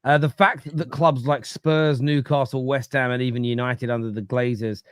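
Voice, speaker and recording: A man's voice: medium pitch, fairly even intonation, moderate pace, smooth, dry recording, studio quality. A man debating football on a fan podcast, opinionated, reading out viewer comments and rebutting them. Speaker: football podcast panelist, fan of his club.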